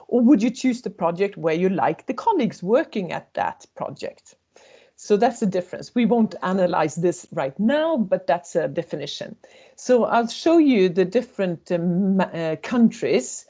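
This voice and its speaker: An intercultural communication consultant presents a webinar, telling stories and acting out the voices of the people she quotes. Her mid-range voice has a dark tone, and she is very animated while keeping a measured pace.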